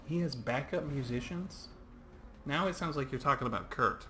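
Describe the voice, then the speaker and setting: A man's voice: mid-range voice, moderate pace, pushed and bright, slight background noise. A man in his thirties giving casual, rambling gameplay commentary on a livestream while chatting with viewers. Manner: rambling and chatty, reading out chat. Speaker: game streamer.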